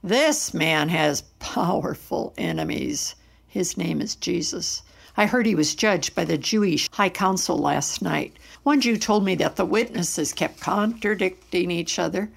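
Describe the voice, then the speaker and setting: A woman's voice: lowish voice, unhurried, gravelly, breathy edge, exaggerated voice. A woman voicing a male Roman soldier who gossips in a matter-of-fact tone. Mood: gossiping.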